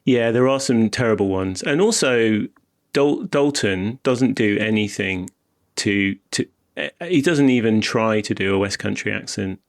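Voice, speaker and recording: A man's voice: fairly low pitch, measured pace. A young man with a mild Wiltshire accent, co-hosting a podcast and chatting about films, rambling and self-interrupting and laughing often. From Wiltshire, England. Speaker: podcast co-host. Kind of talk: casual film chat.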